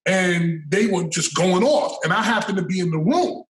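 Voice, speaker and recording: A man's voice: high-pitched, moderate pace, far from the mic. A man as a podcast guest, telling stories in a casual interview, emphatic and profane, often repeating words as he builds a point. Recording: roomy and off-mic.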